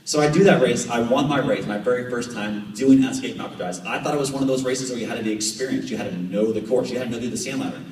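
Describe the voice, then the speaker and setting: An American man in his thirties tells animated stories to a club audience and acts out whole conversations. His voice sounds distant, as if picked up from the back of a room. It carries a long, roomy echo. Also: medium pitch, fast talker, few pauses. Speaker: guest speaker, professional triathlete. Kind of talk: storytelling talk to a club audience. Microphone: camera at the back of the room. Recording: echoey hall from far off.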